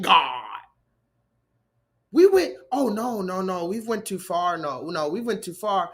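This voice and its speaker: A man hosting a live stream who freestyles emphatic rhymes and reacts excitably to clips. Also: high voice, slow, husky. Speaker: rapper and live-stream host.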